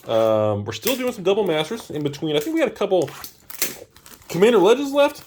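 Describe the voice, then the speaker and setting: A man's voice: very high voice, wildly swooping pitch, quick pace, a little hiss or hum. A man hosting a casual pack-opening video, chatting about prices and exclaiming over the cards he pulls. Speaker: channel host.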